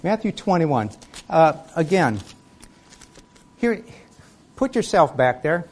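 A man delivering a sermon in a slightly higher than average voice. He reads scripture passages aloud and then asks questions of the people listening. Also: very animated, slow pace. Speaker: preacher.

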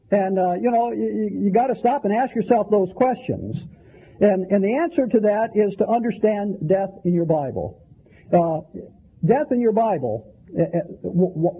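High husky-voiced male preacher. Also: dull audio. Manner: conversational Bible teaching with frequent restarts. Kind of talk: sermon.

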